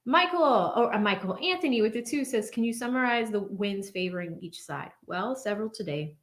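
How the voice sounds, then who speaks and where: A woman's voice: mid-range voice, lively intonation, a little fast. A woman hosting a casual livestream from a home studio, chatting, laughing often and thanking viewers by name as she reads their messages. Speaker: livestream host reading superchats. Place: home studio with blue backlight.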